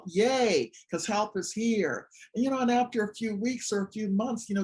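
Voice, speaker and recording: A recovery support group leader giving a personal, testimony-style talk, telling stories with animation and swinging from excited highs to soft low asides. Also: moderate pace, hardly any pauses. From Washington, DC area.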